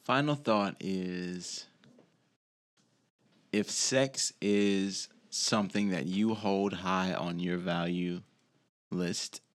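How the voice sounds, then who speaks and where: Low-voiced man, laid-back and swearing. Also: fairly even intonation, very slow, pauses often. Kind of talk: casual chat.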